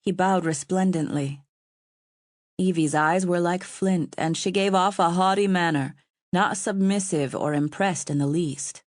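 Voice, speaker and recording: A woman reading an audiobook aloud in a steady, even way. Her voice sits on the low side, and the recording is dry and close. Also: measured pace, dry recording. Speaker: audiobook narrator. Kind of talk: scripted audiobook narration.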